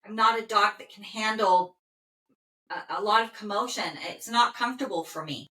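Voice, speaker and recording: A woman working as an animal communicator, calmly relaying a dog's messages in first person and pausing often with "okay". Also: mid-range voice. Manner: calm, soothing, with frequent "okay" pauses. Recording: roomy echo.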